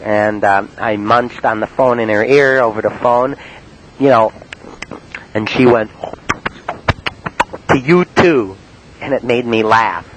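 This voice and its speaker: A man from Cleveland telling about his prank calls in a halting, rambling monologue full of uh and um. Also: fairly low pitch, fairly even intonation. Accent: Cleveland, Ohio. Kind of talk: rambling spoken-word monologue. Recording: faint hiss on an old cassette tape.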